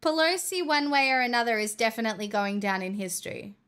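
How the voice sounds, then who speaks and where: A woman's voice: fairly high pitch, animated, fast talker, fairly bright tone, clean tone. A young woman streamer chatting casually with her viewers, giggly and rambling. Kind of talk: casual live-stream chat.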